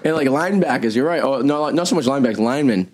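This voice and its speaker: A man's voice: medium pitch, animated, very fast, a little mellow. A man with a Boston accent hosting a radio show, rambling through crude, joking banter with a guest.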